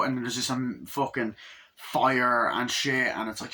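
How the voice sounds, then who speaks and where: A man's voice: medium pitch, fairly even intonation, measured pace, pushed and bright. A man casually recapping a movie in a rambling way, swearing freely and jumping into quoted lines from the scenes. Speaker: movie reviewer.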